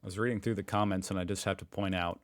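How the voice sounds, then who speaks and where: This middle-aged American host, based in the United States, talks fast in a low, steady voice during a reaction video. His tone is casual and amused as he muses aloud, filling his thinking with frequent fillers.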